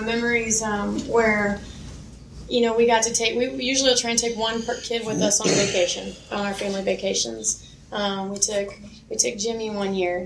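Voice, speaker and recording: A woman's voice: medium pitch, creaky, slight background noise. A woman speaking at a church workshop, sharing heartfelt stories about youth ministry and her kids. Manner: heartfelt, storytelling, laughs easily. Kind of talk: workshop talk. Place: conference room. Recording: echoey room with faint ambience.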